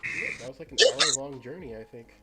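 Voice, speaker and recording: A man's voice: mid-range voice, a little fast, pushed and bright, faint music behind. A young man co-hosting a podcast, telling a story in a rambling, casual way with many fillers. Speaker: podcast co-host. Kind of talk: casual chat among friends.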